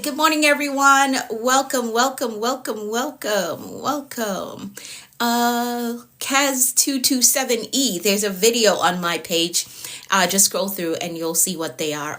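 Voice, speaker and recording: Woman, middle-aged, livestream life coach; upbeat, repetitive greetings, slight hoarseness. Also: on the high side, pushed and bright. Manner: upbeat, repeats phrases, greets viewers by name. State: voice getting hoarse. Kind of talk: casual livestream chat greeting viewers.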